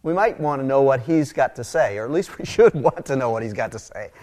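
A man's voice: mid-range voice, fairly quick. A middle-aged man preaching a conversational sermon, telling stories with casual asides. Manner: casual, animated, storytelling with asides. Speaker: pastor.

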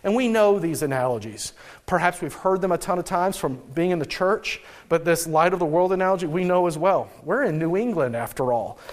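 High-voiced man preaching a casual sermon. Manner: casual and storytelling, with frequent restarts. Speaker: pastor. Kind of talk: conversational sermon. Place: church in New England.

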